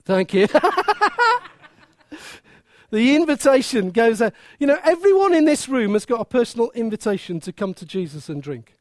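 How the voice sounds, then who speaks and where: A preacher giving a lively, emphatic sermon with humour and many rhetorical questions to the congregation. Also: mid-range voice, fairly quick, few pauses, no echo, studio quality.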